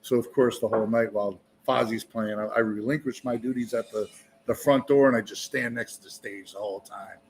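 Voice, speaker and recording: A profane, energetic man telling a story. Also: on the low side, fairly quick, a little hiss or hum. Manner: profane, energetic storyteller who acts out other voices. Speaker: musician guest. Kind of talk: animated storytelling. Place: indoor meadery bar.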